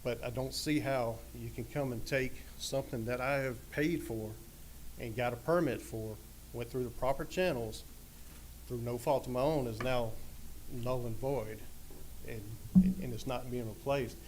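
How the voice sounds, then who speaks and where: A man's voice: medium pitch, steady tone, moderate pace, a little mellow, a little hiss or hum, low-quality recording. A middle-aged man speaking as a resident at public comment in a council meeting, emotional, aggrieved and earnest.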